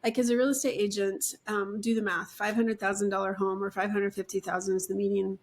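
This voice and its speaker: A middle-aged woman hosting a podcast, chatting in a relaxed, rambling way with asides and fillers. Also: medium pitch, a little fast. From Utah. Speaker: podcast host, real estate agent. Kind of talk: conversational interview chat.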